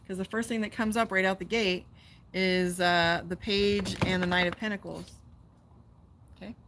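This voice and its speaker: A woman's voice: medium pitch, steady tone, moderate pace, noisy background. A woman from Las Vegas doing a casual live-streamed tarot reading outdoors by a pool. She is chatty and swears freely, and she breaks off to talk to her dog. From Las Vegas, USA. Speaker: tarot reader and psychic.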